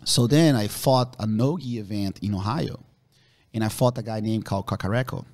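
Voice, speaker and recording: Low-pitched man, gravelly voice, guest telling stories animatedly, swears freely. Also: moderate pace, a little mellow. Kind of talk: casual storytelling.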